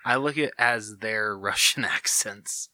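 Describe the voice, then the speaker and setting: A man co-hosting a podcast, chatting casually with a jokey, lively manner. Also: lowish voice, no echo. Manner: lively, jokey, quick reactions. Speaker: podcast co-host. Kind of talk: casual chat.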